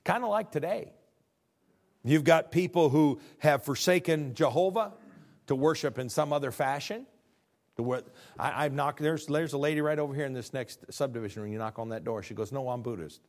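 At an ordinary pace, a man with a Midwestern American accent works through a sermon: he reads the text, explains it, and alternates between low-voiced asides and loud peaks pitched high.

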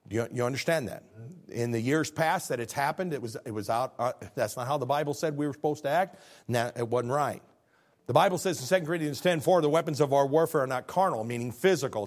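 An older man preaching a sermon, rising to loud high peaks and dropping low and quiet, often restarting phrases and asking his listeners questions. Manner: stumbling restarts, asks the congregation questions. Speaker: pastor.

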